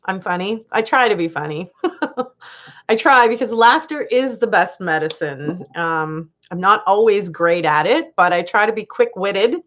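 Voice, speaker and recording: Female livestream host, casual chat with viewers, animated delivery, muffled stream audio. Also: medium pitch, unhurried. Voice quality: laughs often, chatty and animated. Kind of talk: casual live chat reading comments.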